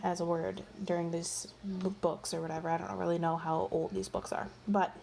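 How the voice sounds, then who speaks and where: This book reviewer's voice is fairly low, gravelly and darkish, delivered briskly and flatly with a little hiss or hum in the background. She recaps a book series casually, rambling in an exasperated, gossipy way packed with "like" and "you know."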